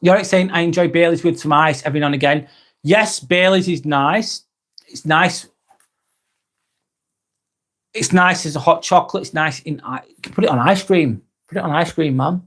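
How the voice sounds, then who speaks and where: A man with a slightly high voice hosts a live vlog at a moderate pace, pausing often. He's relaxed and chatty as he reads out viewer comments, with lots of ums and some casual swearing.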